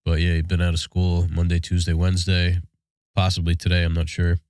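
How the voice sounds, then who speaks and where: Man, 30s, stuffed-up nose, lowish voice, dry, easygoing rambling talk. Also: completely flat delivery, a little fast, darkish tone, no room sound. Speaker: podcast co-host. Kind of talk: casual chat and read sponsor ads.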